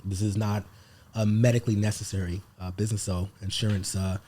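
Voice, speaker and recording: A man's voice: on the low side, fairly quick, a little hiss or hum. A man talking casually as a podcast guest about his business, rambling with lots of fillers. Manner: relaxed, rambling, many fillers. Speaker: guest, paternity testing business owner. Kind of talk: casual interview talk.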